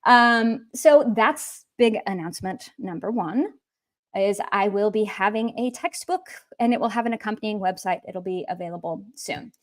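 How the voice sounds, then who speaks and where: Speaking at a normal speed with a medium-pitched voice, this woman teaches Russian in a casual livestream. She's an English speaker who keeps the mood humorous and lighthearted, alternating between English and Russian.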